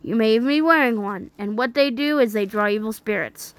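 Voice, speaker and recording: A woman reading a critique aloud and breaking off into indignant, incredulous commentary, with some halting restarts. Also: fairly high pitch. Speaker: religious commentator.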